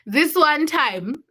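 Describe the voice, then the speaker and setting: Bright-voiced woman livestream host. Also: high voice. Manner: animated storytelling, acts out quotes with laughter. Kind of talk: casual livestream chat.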